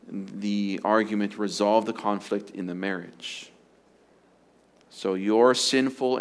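A man preaching as a pastor, earnest and emphatic, often repeating his phrases for stress. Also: on the low side. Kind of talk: sermon on marriage.

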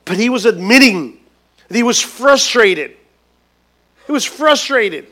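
A man preaching a sermon as a pastor, emphatic and repetitive, swinging between loud stresses and hushed lines. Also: extremely high pitch, lively intonation, unhurried, long pauses. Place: church gathering.

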